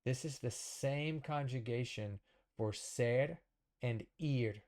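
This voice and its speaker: A man's voice: mid-range voice, slow, a little mellow. A man teaching a casual whiteboard lesson, thinking aloud, correcting himself and checking in with the viewer. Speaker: language teacher.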